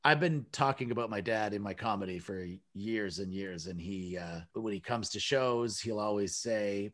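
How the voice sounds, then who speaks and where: A middle-aged comedian chatting casually as a guest, telling family stories with lively bursts. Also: male voice, lowish voice, moderate pace, few pauses. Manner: animated storyteller, bursts into loud impressions of his dad. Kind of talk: casual podcast chat.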